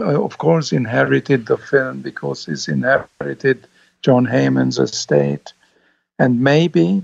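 An older man, a film director, reminiscing as an interview guest, halting, with many restarts. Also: mid-range voice, vocal fry, a little mellow, slightly rough, dry recording. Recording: dull lo-fi sound.

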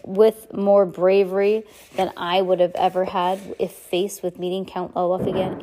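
A woman reads a novel aloud in a relaxed, casual way, now and then stumbling and breaking off to chat. Her voice sits at a middling pitch. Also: normal speed. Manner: relaxed, stumbles and chats between passages. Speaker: reader.

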